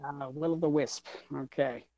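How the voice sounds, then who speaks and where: A man's voice: on the high side, fairly even intonation, normal speed, no echo, narrow, tinny audio. Rambling, laughing male podcast host. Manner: rambling, repeats words, laughs often. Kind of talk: casual podcast chat.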